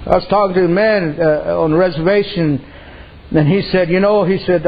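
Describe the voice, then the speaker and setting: A man's voice: fairly high pitch, normal speed, husky. A man preaching a sermon in a folksy, conversational way, telling stories and rising in intensity as he presses his points. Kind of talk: sermon with storytelling. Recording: dull lo-fi with faint hiss.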